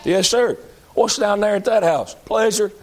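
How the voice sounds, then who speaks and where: A man preaching a sermon, moving between loud high-pitched calls and low pleading appeals. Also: measured pace.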